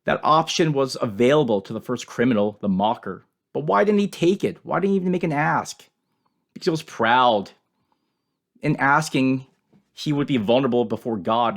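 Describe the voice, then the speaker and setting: A man giving an earnest, measured scripture commentary as a Bible teacher, in short emphatic phrases. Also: mid-range voice.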